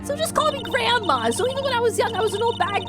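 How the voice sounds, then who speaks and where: A woman doing a shrill, chatty old lady guard. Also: expressive, fast talker, heavy background noise. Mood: rambling. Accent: put-on Southern US. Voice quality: shrill, scolding, rambling. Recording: loud music underneath.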